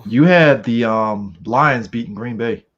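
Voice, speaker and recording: A man's voice: medium pitch, a little slow. A man co-hosting a casual football podcast, laughing often and listing his picks with lots of ums. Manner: laughs often, hesitant fillers. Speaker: podcast co-host. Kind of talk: casual sports chat. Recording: dull lo-fi mic.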